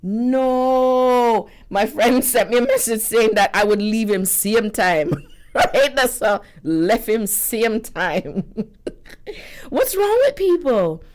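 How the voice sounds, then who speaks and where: Woman radio co-host, animated and indignant storyteller, laughs often. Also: medium pitch, slow pace. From Canada. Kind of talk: casual radio commentary. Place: radio studio.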